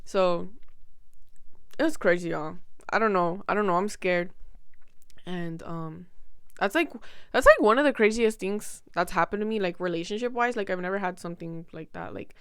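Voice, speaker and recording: A woman's voice: on the low side, moderate pace, fairly bright tone, clean tone, no room sound, clean studio sound. A young woman vlogger talking casually to camera, rambling emotionally through a personal story with many fillers and restarts.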